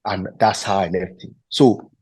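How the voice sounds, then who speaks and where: A man with a Nigerian accent, a footballer being interviewed, retelling a story with lively quoted voices and frequent restarts. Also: low-pitched, unhurried, husky, no echo. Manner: animated retelling, acting out the people he quotes; frequent restarts and repeated words. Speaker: guest footballer.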